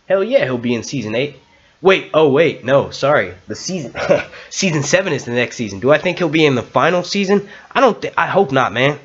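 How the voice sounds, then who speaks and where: A man's voice: medium pitch, husky, muffled recording. A man hosting a live stream in a casual, rambling way, swearing and restarting his sentences often.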